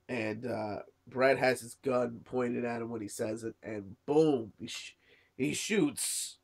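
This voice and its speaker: His medium-pitched voice is gravelly and slow-paced. Sick and coughing, the man chats casually while reviewing a manga chapter, rambling with many fillers, especially "you know" and "uh."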